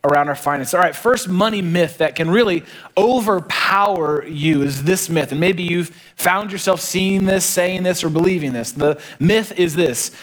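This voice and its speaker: A man's voice: high-pitched, normal speed. A man, preaching a conversational sermon and telling family stories. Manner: conversational, storytelling, varied emphasis. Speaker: pastor.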